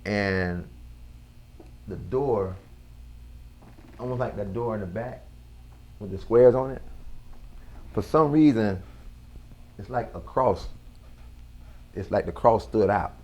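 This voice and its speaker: Male guest with a low voice, recounting his past earnestly and casually. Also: darkish tone. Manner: earnest, slow storytelling with casual slang. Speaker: interview guest. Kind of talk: personal testimony in an interview.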